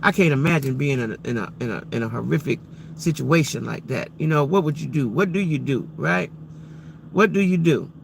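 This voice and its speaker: Speaking fairly quickly in a gravelly, fairly high voice, a man runs a casual livestream, with a little hiss or hum audible. He addresses his viewers directly, stressing his points and saying things more than once. His commentary to chat is peppered with rhetorical questions.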